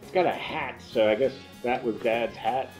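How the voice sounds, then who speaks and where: A man's voice: medium pitch, normal speed, darkish tone, soft background music, rough recording. Easygoing man joking through a tasting. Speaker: co-host of a whiskey and cigar review show. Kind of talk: casual chat.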